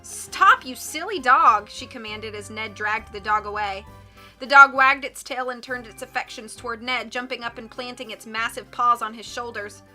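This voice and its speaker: A woman reading a mystery novel aloud with a steady, expressive delivery. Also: fairly high pitch, moderate pace, soft background music. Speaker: audiobook reader.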